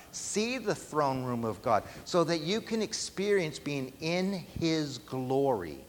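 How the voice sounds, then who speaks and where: A man preaching a sermon, emphatic and often asking the room questions. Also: medium pitch. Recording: long hall reverb, faint background noise.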